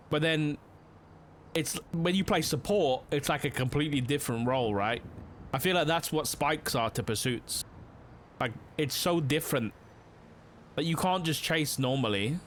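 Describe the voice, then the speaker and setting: This young male streamer plays a police officer in a roleplay game, his fairly bright voice on the high side. His cop chatter is loose, rambling and full of fillers and "like," with a faint hiss beneath it.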